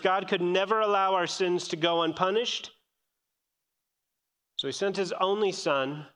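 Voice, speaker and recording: Slow, earnest male preacher. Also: high-pitched, a bit bright, big-room sound. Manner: earnest, emphatic preaching with repetitions. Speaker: pastor. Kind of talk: sermon.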